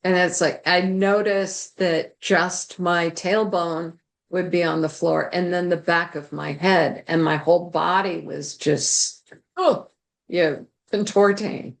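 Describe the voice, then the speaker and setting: Slow-talking woman telling her story. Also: lowish voice, vocal fry. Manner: slow, animated storytelling with laughs. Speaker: guest. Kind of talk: personal story in an interview.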